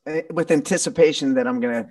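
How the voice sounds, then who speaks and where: A man co-hosting a podcast in casual chat, halting and repeating words, poking fun at himself. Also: on the high side, darkish tone. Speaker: podcast co-host. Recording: voice slightly distant from mic.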